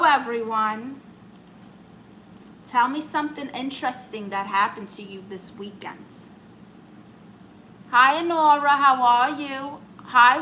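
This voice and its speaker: A woman with a bright, fairly high voice hosts a comedic livestream, bantering playfully with viewers and answering their comments aloud in a mock-serious way. She's close to the mic on a rough recording, with a faint hum of room ambience in the background.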